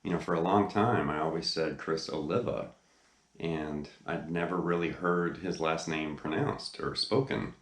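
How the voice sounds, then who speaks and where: Very deep-voiced enthusiastic man. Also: normal speed, hardly any pauses, a bit bright, roomy sound. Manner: enthusiastic, rambling with many fillers. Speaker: guitar teacher, channel host. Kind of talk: casual video lesson talk. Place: indoor room, seated facing camera.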